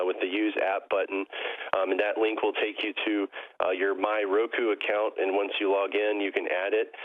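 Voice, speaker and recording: A man's voice: lowish voice, no echo. A male caller speaking on the phone to a radio host, explaining himself hesitantly with many filler sounds. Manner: hesitant, many ums and uhs. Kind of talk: phone-in interview. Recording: tinny phone line.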